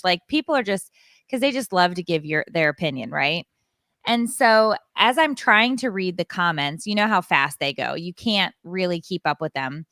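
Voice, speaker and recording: Bright-voiced woman telling a story. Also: mid-range voice, moderate pace, dry recording, studio quality. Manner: animated storyteller, frank and self-deprecating. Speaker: podcast co-host. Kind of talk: casual chat.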